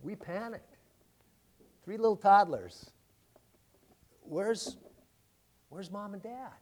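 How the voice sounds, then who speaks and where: A middle-aged man preaching a sermon, swinging between loud, emphatic declarations and quiet, hushed storytelling. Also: on the high side. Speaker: pastor.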